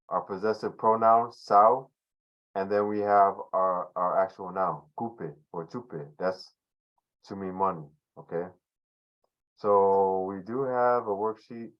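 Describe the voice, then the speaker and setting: A man's voice: on the low side, dull audio. A man teaching a language class online in a loose, conversational way, full of fillers and restarts.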